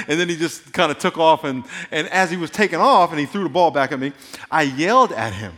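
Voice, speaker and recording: A man preaching a sermon, telling animated stories and cracking playful jokes to his congregation. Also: on the high side, moderate pace, pauses often. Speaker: pastor. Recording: long hall reverb.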